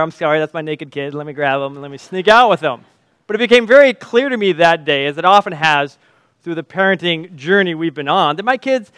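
A fairly high-pitched man delivers a sermon in an animated storytelling way, laughing lightly through his anecdotes. The sound is dry and close, with no room echo. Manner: lively storytelling with chuckles. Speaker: preacher.

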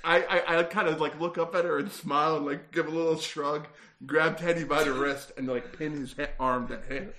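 A man's voice: fairly high pitch, steady tone, moderate pace, hardly any pauses, bright, forceful tone. A man playing a tabletop game, describing his moves and making teasing threats in character. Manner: playful, teasing menace. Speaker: player. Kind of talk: tabletop role-play.

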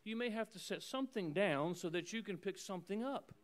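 A male pastor preaching a sermon, emphatic and repetitive, swinging between loud declarations and hushed lines. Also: high voice, animated, brisk. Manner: repeats phrases in rhythmic runs.

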